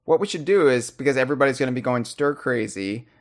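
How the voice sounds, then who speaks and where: A man hosting a casual podcast, talking fast with loud, animated bursts. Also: medium pitch. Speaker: podcast host.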